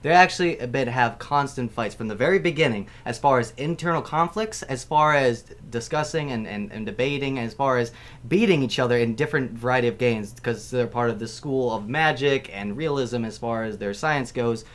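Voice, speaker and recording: A man's voice: mid-range voice, brisk, fairly bright tone. A man arguing his pick on a casual panel, rambling and repeating phrases as he builds his case.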